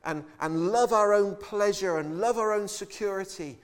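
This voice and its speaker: A man's voice: high-pitched, normal speed, smooth. A man preaching a sermon with emphatic delivery, acting out the voices of biblical figures in the quotes.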